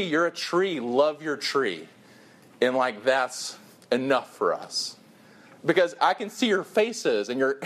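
Earnest man preaching a conversational sermon. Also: on the high side. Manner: conversational, earnest, emphatic with pauses. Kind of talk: sermon to a live congregation.

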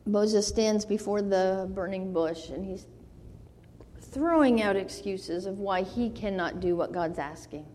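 Slow-preaching woman in an echoing hall. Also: mid-range voice, dark tone. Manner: slow earnest preaching, rising to pleading in quoted scripture. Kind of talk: sermon. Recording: long hall reverb.

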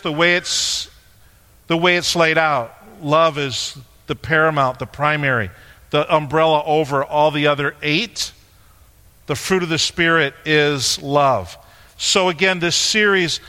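High, bright-voiced pastor in a reverberant hall. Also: male voice. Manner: conversational, joking aside with a helper on stage. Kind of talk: sermon with props. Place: church sanctuary. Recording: long reverb of a large hall.

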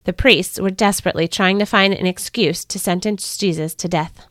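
A woman host reading a family devotional story aloud in an earnest, expressive way. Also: on the low side, moderate pace, dry recording, clean studio sound. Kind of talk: scripted storybook narration.

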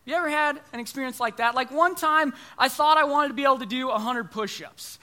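A man's voice: very high-pitched, a little fast, pushed and bright. A man in his thirties preaching a sermon, telling stories in a conversational, self-deprecating way.

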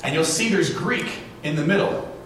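A man in his forties preaches a sermon in a relaxed, storytelling way, often asking rhetorical questions. His voice sits a little high for a man. He is recorded from a distance in a large hall, with heavy echo and a faint room hiss behind him. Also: normal speed. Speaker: pastor. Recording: very echoey hall from far off.

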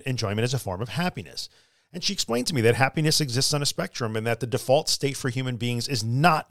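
A man's voice: mid-range voice, a bit bright, dry recording, clean studio sound. A middle-aged man hosting a podcast, telling a personal story in an earnest, conversational way and acting out quoted dialogue. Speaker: podcast host.

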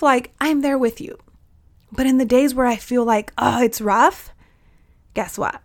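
Young woman, podcast host; motivational, heartfelt delivery, voice sits a bit high. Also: measured pace. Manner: warm, encouraging, heartfelt pep talk.

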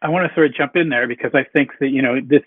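A man with a husky voice rambles casually through his points in a panel chat. His voice comes through a tinny, phone-like line that sounds close and dry. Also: medium pitch, racing, dry recording.

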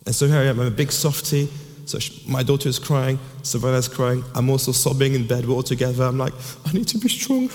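A man's voice: mid-range voice, little pitch movement, fast, darkish tone, big-room sound. A man in his thirties preaching a sermon, telling a personal story earnestly and often restarting his words.

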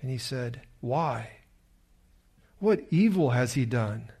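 A man reading a scripture lesson aloud in church and then leading a discussion, in a measured way. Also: medium pitch, animated, slightly rough. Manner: measured, voices the crowd's shouts in the reading. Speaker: scripture reader and discussion leader.

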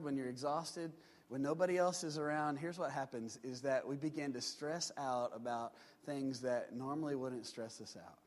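A man's voice: a little high, long reverb tail. A male pastor preaching a sermon, emphatic, calling on the congregation to answer back. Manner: emphatic, call-and-response exhortation.

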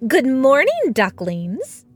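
Brief: a woman voicing a headstrong storybook cat, high and lively, big theatrical swings, dry close sound. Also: slow pace, dry recording, soft background music, exaggerated voice. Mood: bright. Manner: high, loud and theatrical, wheedling then demanding. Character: dramatic, headstrong female tabby cat. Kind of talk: storybook character voice.

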